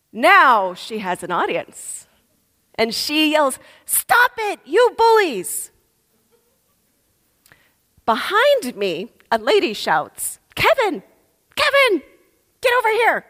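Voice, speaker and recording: A woman preaches slowly, telling a story with a voice that rises and falls widely. Her pitch sits a little high, and a long reverb trails each phrase through the large church hall. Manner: lively storytelling, acts out voices. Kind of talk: sermon with storytelling.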